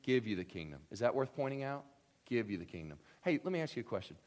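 A man preaching a sermon, animated and humorous, swinging between loud excited bursts and hushed, quiet emphasis. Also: medium pitch, fast. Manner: humorous storytelling asides. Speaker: pastor.

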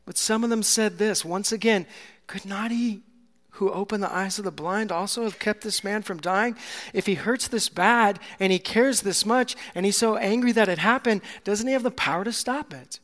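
A male pastor preaching a sermon with passion, swinging from soft, hushed moments to loud, climactic peaks. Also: high-pitched, normal speed. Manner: impassioned, builds to loud climaxes, drops to soft near-whispers. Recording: long hall reverb.

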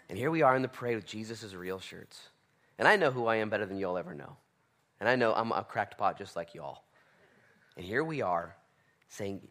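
Brief: male pastor, 30s, bright forceful voice, conversational sermon with emphatic repetition. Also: lowish voice, lively intonation, a little fast.

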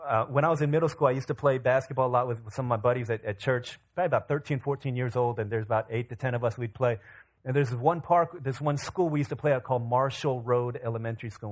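A male pastor preaching a sermon in an animated, casual storytelling way. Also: mid-range voice.

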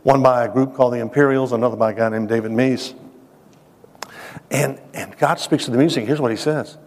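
A man's voice: mid-range voice, fairly even intonation, brisk, darkish tone. A man giving an earnest, emphatic sermon-style testimony and addressing listeners directly. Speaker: speaker. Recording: long hall reverb.

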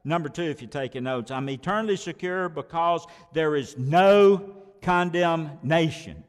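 A man preaching a sermon as pastor, emphatic, repeating words and swinging between loud declarations and quiet asides. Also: fairly high pitch, unhurried, clear, resonant tone, long reverb tail.

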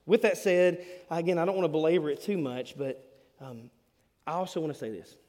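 Animated pastor preaching in a hall. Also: male voice, fairly high pitch, a little fast. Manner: self-deprecating and animated, quoting himself. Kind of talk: sermon. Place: church sanctuary. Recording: long reverb of a church hall.

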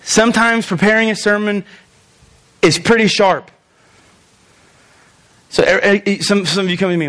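A man's voice: sits high, steady tone, moderate pace, long pauses, a bit bright. A man preaching a sermon in a loose, conversational way, reading scripture and acting out the people in it. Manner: conversational, acts out quoted voices, chuckles. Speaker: pastor.

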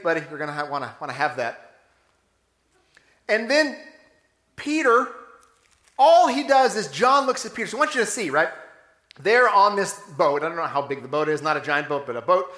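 A pastor preaching a sermon in a church, telling stories animatedly, acting out dialogue and asking rhetorical questions. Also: male voice, high-pitched, fairly bright tone. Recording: roomy echo.

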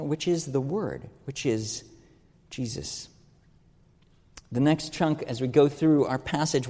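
A man's voice: fairly high pitch, warm tone, long reverb tail. A man giving an earnest teaching sermon, stressing key words and asking rhetorical questions. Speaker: preacher.

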